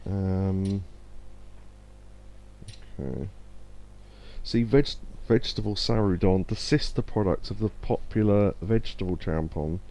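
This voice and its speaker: A man's voice: sits low, a little slow, pauses often, mellow, slight background noise. A man chatting casually while streaming a video game, reading out chat messages and joking at his own expense. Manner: chatty, self-deprecating, reads chat aloud. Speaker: gaming streamer. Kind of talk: casual let's play commentary.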